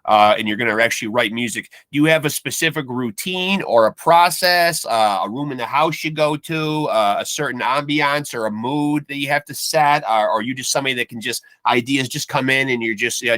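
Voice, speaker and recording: Podcast host man, bright tense voice, dry close sound, long rambling questions, lots of fillers. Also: mid-range voice, brisk, few pauses, dry recording. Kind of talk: casual interview questions.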